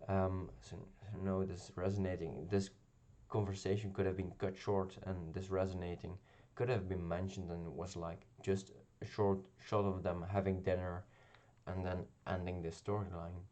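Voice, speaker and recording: Low, flat-voiced man reviewing a show. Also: normal speed. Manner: hesitant, many ums and restarts. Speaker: video reviewer. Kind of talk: casual spoken review.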